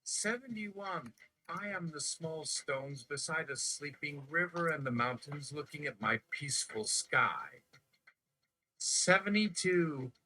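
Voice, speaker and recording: Streamer guy counting off lines in a chanty recital, real slow, super lively pitch. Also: low-quality recording. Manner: chanting numbered declarations. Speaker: live streamer.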